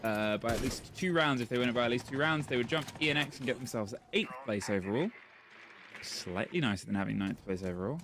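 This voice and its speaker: Chatty mid-pitched male esports caster. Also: lively intonation, quick pace, noisy background. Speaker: esports commentator. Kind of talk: esports color commentary and casual banter.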